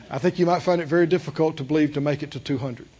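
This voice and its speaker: A man's voice: a little high, a little fast, a little mellow, lo-fi sound. A man preaching a sermon, emphatic and repeating his phrases, with call-and-response to the congregation. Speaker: pastor.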